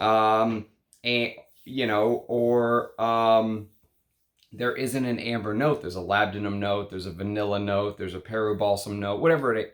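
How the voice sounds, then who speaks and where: Chatty low-voiced man reviewing perfume. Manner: chatty, emphatic, many fillers and restarts. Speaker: fragrance reviewer. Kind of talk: casual perfume review monologue.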